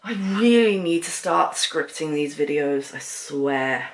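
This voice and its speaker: A woman's voice: medium pitch, a bit bright. A woman chatting casually about books in a reading wrap-up, rambling and losing her train of thought. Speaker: book vlogger.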